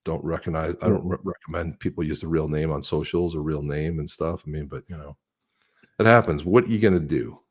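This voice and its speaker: A middle-aged man co-hosting a casual livestream chat, telling stories with lively impressions of other people. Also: very deep voice, a little fast, breathy edge. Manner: animated storyteller, mimics others with a raised voice. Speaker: co-host of a crypto livestream.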